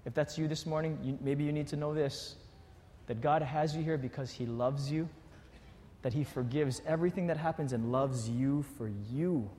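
A man preaching a sermon to his congregation, shifting from quiet, earnest appeals to animated storytelling. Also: fairly high pitch, moderate pace, slight background noise. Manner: animated storytelling with acted quotes. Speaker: pastor. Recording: long hall reverb.

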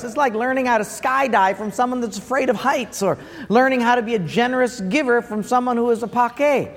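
High-voiced pastor, joke-telling. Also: male voice, fairly quick. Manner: joke-telling, chuckling, animated. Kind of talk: humorous sermon. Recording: long hall reverb.

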